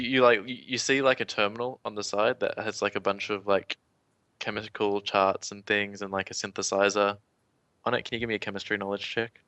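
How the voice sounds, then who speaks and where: A man narrating a tabletop role-playing session over a voice call, rambling and searching for words as he describes each scene. His tone is bright and forward. The sound is close and dry, with no room around it. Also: fairly low pitch, smooth, no room sound, highs cut off. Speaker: game master.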